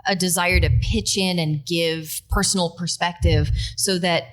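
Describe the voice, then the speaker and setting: A young woman speaks in a slightly low voice, earnest and explanatory as a guest on a podcast. She fills pauses with "um" while she works through her points. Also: steady tone. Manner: earnest, explanatory, with frequent fillers. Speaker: wine instructor and guest. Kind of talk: casual podcast interview.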